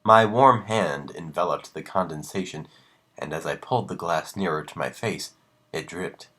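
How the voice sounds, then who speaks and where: A man reading horror stories aloud on a live stream, breaking off for casual asides and dropping to a hushed voice on the ominous lines. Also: deep voice, normal speed.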